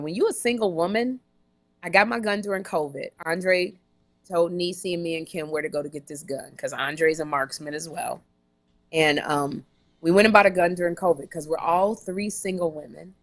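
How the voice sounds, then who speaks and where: A woman co-hosting a comedy podcast live stream, telling a long story in an animated, run-on way with frequent restarts and blunt jokes. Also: on the low side. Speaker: podcast co-host.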